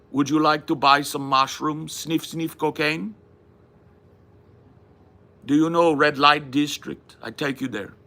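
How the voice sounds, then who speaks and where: A man's voice: on the high side, creaky, sharp tone, pitched above the performer's own voice, heavily acted. A man putting on a mock Dutch accent as a stereotyped, oddly formal Dutch man.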